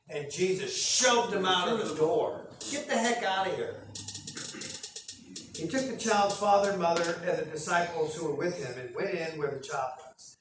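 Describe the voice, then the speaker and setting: A man preaching a sermon that teaches from scripture, animated and acting out scenes with loud bursts. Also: sits high, slight background noise. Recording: echoey room, speaker far from mic.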